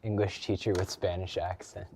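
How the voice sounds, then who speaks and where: A man's voice: deep voice, flat delivery, moderate pace, darkish tone, a little hiss or hum. A teenage boy chatting casually on a live stream from his garage, rambling with lots of ums and restarts. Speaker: livestreamer. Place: home garage.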